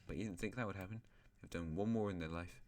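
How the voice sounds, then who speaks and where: A man's voice: low-pitched, fast, a little mellow. A male host casually narrating an alternate-history map, rambling with asides and correcting himself.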